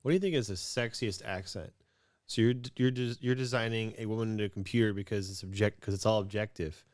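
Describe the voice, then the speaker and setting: Low-voiced man musing in podcast chat. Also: quick pace, a little mellow, dry recording, clean studio sound. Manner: musing, self-deprecating, trails off and restarts. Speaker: podcast co-host. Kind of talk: casual chat.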